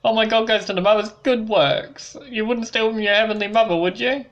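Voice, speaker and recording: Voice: medium pitch, steady tone, a little fast, lo-fi sound, voice pushed up, close to an everyday voice. A gamer reading a devout priest's lines aloud in a raised, lofty voice while playing a game. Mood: solemn. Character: devout middle-aged priest, solemn and preachy.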